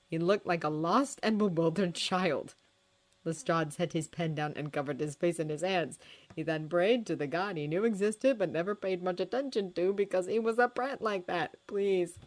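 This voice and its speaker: Low-voiced woman reading a story aloud. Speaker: fanfiction reader. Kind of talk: audiobook narration of fan fiction.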